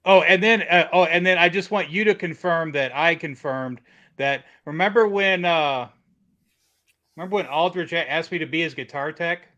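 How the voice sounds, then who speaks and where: A man's voice: fairly high pitch, moderate pace, pushed and bright, highs cut off. A man hosting a casual livestream, reading viewer comments and telling rambling shop stories. He acts out quoted lines and often trails off while searching for words. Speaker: livestream host.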